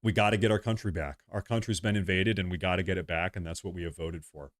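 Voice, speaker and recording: A man from the United States hosting a political livestream, with heated, combative and repetitive talk that swings between loud outbursts and low mutters, into a headset mic. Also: fairly even intonation, fast talker. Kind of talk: livestream commentary.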